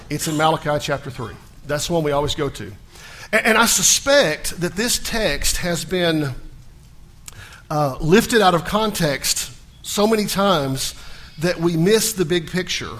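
A middle-aged man preaching a sermon as pastor, telling stories and voicing characters with lively emotion. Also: on the high side, measured pace. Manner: storytelling with animated panicky character voices.

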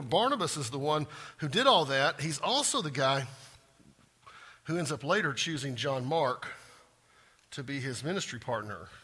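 A man preaching a sermon as pastor, animated, acting out scripture scenes and putting questions to his congregation. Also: a little high, husky. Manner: animated, acts out scripture quotes with rising intensity; asks the congregation direct questions.

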